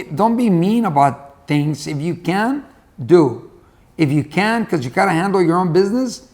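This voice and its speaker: A man giving a motivational talk in a folksy, conversational way, telling a farm fable and repeating his key points. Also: sits high. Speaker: motivational speaker. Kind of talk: motivational storytelling monologue.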